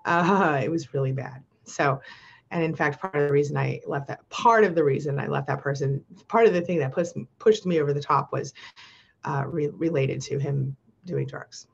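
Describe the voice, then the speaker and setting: Gravelly, husky woman chatting on a live stream. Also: sits low, moderate pace, muffled recording. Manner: chatty, laughs often, reads viewer comments aloud. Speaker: host of a live support stream. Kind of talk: casual live chat reading comments.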